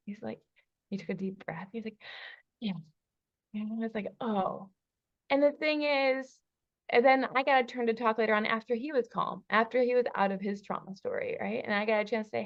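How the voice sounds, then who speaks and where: A woman coach telling a lively personal story, acting out the dialogue in different voices and laughing often. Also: fairly high pitch, moderate pace, gravelly, highs cut off. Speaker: relationship coach. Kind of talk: storytelling in a podcast interview. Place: lives in Bali.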